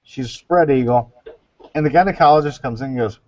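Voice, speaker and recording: A man's voice: mid-range voice, a little fast, darkish tone, no echo, highs cut off. A man in a casual online group chat, rambling and stumbling through a joke. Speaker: chat show regular.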